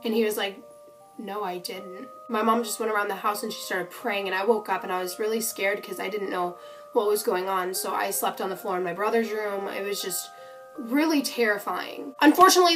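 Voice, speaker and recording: A young woman telling a spooky storytime to her vlog camera, chatty and animated, full of "like" and "you know". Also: mid-range voice, fairly quick, faint music behind. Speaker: vlogger.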